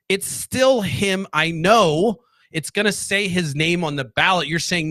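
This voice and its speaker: Man, political show host, casual rant, profane, rambling, sarcastic, slightly high voice, dry close sound. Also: a little slow, hardly any pauses, pushed and bright, no echo. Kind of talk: casual solo rant to camera.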